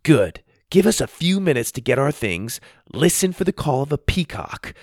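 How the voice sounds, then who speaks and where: A man's voice: fairly high pitch, sing-song, normal speed, voice pushed up. Man doing a shy village boy. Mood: plotting. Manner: hesitant.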